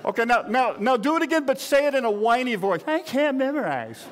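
A pastor in his sixties with a notably high voice preaches in a loose, conversational way. He jokes with the congregation and speaks straight to them in a folksy tone. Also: fast talker. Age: 60s. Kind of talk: conversational sermon.

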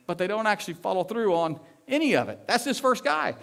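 A man from the United States preaching a sermon as pastor, in an animated, chatty way that often repeats words. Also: high voice, fairly quick, creaky.

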